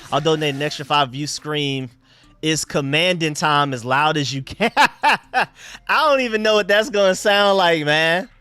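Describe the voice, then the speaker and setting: A young man from Atlanta chats through a live stream with a bright, crisp voice pitched a little high. His slangy banter bounces from loud shout-outs to low asides, and his close mic sounds dry. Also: no echo. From Atlanta, Georgia. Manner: loose slangy banter, repeats phrases, swings between hype and mumbles. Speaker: livestream host.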